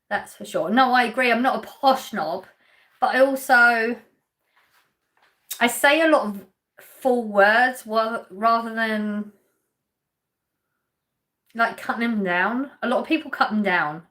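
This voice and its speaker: Chatty Englishwoman from Essex, high voice. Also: a bit bright. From England. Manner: chatty, lightly laughing, answers chat questions directly. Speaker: live stream host. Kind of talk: casual chat reading out viewer comments.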